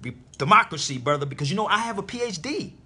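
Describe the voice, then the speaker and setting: A man's voice: high-pitched, very animated, fast, sharp tone, breathy edge, pitched above the performer's own voice, full character voice. A man mimicking a smug know-it-all man who lectures about democracy, condescending and hesitant, calling everyone brother.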